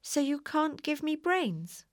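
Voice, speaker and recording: A shy, gentle scarecrow, as a woman reads him. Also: high voice, big pitch swings, takes it slowly, no room sound, clean studio sound, voice pushed up, heavily acted.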